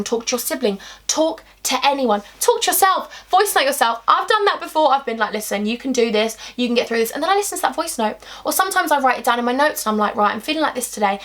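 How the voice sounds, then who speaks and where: A woman's voice: high-pitched, a bit bright. A young woman, giving earnest, emotional advice straight to her viewers in a heartfelt vlog. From England. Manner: earnest, emotional and affectionate, addressing viewers directly. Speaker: YouTuber.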